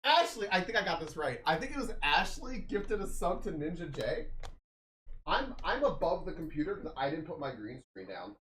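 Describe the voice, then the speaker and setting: A man's voice: a little high, big pitch swings, moderate pace, a bit bright, breathy edge. A man streaming live, chatting casually and greeting viewers by name, with frequent swearing. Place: home streaming room.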